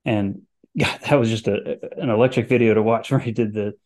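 Mellow-voiced man rambling about baseball. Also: fairly low pitch, steady tone, quick pace. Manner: rambling, many "like" fillers. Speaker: podcast co-host. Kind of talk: casual sports chat.

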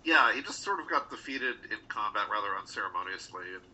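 A man co-hosting a podcast, dropping dry deadpan quips in casual movie chat. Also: on the low side, fast, slight background noise, poor audio.

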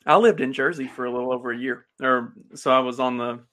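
A man's voice: medium pitch, fairly even intonation, quick pace, a bit bright. Southern man telling a rambling story. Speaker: podcast co-host. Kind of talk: casual podcast chat.

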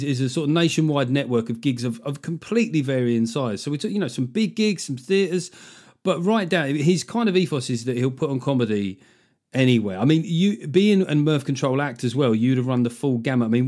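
A man's voice: medium pitch, expressive, a little fast, darkish tone. A man hosting a casual podcast interview, asking long, rambling questions with a joking tone. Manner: chatty, jokey, rambling questions. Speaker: podcast host.

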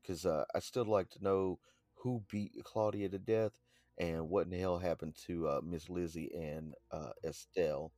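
Deep-voiced man co-hosting a podcast. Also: steady tone, dark tone, no echo. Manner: unhurried, with frequent "uh" pauses. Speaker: podcast co-host. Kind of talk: casual podcast chat.

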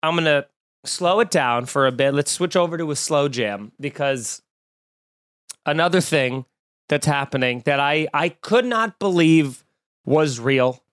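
A man hosting a podcast in casual comedic chat, riffing sarcastically with animated mock quotes. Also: fairly high pitch, measured pace. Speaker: podcast host.

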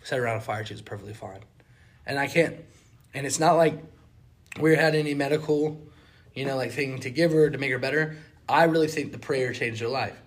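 A man's voice: mid-range voice, brisk, long pauses. A young man with a Southern US accent, telling travel stories on a casual podcast, acting out quotes and sound effects. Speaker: podcast co-host. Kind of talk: casual storytelling chat.

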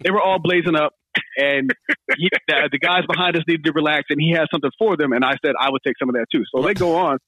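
A man hosting a podcast spins a story at a brisk clip, laughing along and acting out the people in it. His voice sits a little high and sounds bright and forceful. The sound is close and dry. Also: no room sound, poor audio. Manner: animated, laughing storyteller, acts out quotes. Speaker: podcast host. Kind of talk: casual storytelling.

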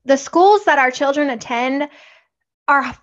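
A woman's voice: sits high, a little slow, highs cut off. A woman co-hosting a podcast in casual chat, talking at length in a chatty way and acting out the lines she quotes. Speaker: podcast co-host.

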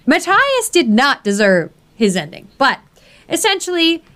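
Female co-host, slightly high, bright, emphatic and enthusiastic in casual book talk. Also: wildly swooping pitch, measured pace. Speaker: podcast co-host.

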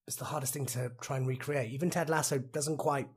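Husky Welsh man, chatty and animated. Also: medium pitch, a little fast. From Wales. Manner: animated, rambling, laughs often, tries out accents. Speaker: actor guest. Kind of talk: casual podcast chat.

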